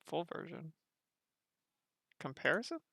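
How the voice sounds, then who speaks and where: Man, streamer, excitable, slangy, gravelly, sharp bright tone, casual live commentary. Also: fairly high pitch, measured pace, dry recording. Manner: excitable, gushing, slangy, repeats himself.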